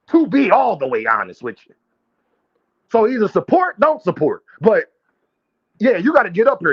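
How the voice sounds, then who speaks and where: Brash trash-talking male boxing streamer. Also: high voice. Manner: addresses chat directly, calls out viewers. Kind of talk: live-stream boxing commentary. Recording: dull lo-fi stream audio.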